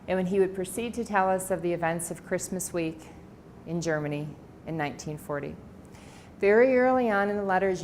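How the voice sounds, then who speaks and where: A woman's voice: on the low side, a little hiss or hum. A middle-aged woman giving a library talk as an author, telling family stories with quoted dialogue. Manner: warm anecdotal storytelling with quoted dialogue. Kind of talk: personal storytelling talk. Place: library presentation room.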